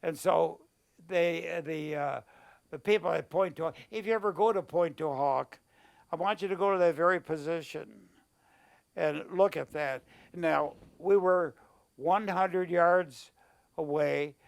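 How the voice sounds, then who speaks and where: An older man, a war veteran, recounting memories in an oral history interview, halting and searching for words, at times emotional. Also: fairly high pitch. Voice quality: gravelly.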